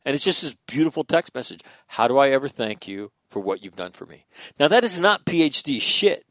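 A man's voice: medium pitch, brisk, dry recording. A man on a podcast talks in a loose, profane way and keeps jumping back into his sentences. His voice is recorded close and dry, with no room sound. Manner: profane, animated storytelling with frequent restarts. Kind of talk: casual podcast conversation.

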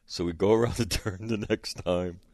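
Middle-aged man, very low voice, rambling with fillers, dry close sound. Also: steady tone, normal speed, mellow, no echo. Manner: rambling, lots of fillers and restarts, laughs at own stories. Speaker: podcast host. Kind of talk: casual storytelling monologue.

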